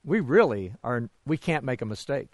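A man's voice: sing-song, moderate pace, no echo, clean studio sound. A man preaching a sermon to a congregation, swinging his voice up and down for emphasis and asking them rhetorical questions. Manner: emphatic rises and drops in pitch and volume.

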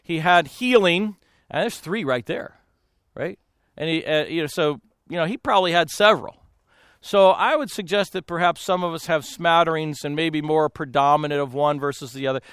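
A man speaking as a pastor in a storytelling talk, animated, laughing often and acting out the voices of people in his stories. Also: on the high side, normal speed, clear, resonant tone, no echo.

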